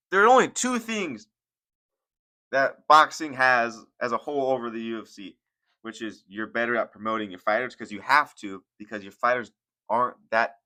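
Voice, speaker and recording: A man's voice: medium pitch, bright, forceful tone. A young man hosting casual, profane reaction commentary on fight sports, rambling and laughing as he goes. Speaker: commentary channel host.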